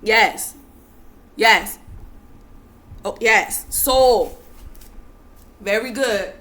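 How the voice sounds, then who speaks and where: A woman with a fairly high voice gives an unhurried spiritual teaching, drawing out her words. She soothes her listeners again and again, then leans hard into her key points. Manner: soothing, coaxing, repeats "breathe" and "calm down", swells to emphatic bursts.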